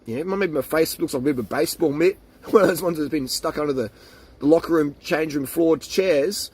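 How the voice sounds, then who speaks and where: Husky, jokey man in his forties. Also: on the high side, lively intonation, brisk, a little mellow. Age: 40s. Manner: mocking, jokey, slips into silly quoted voices. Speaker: vlogger. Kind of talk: casual rant to camera.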